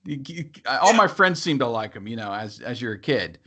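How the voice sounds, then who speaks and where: A man's voice: medium pitch, very animated, moderate pace, pushed and bright. Rambling man on a podcast. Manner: rambling, many fillers and restarts. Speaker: podcast co-host. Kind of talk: casual movie chat. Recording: dull lo-fi sound.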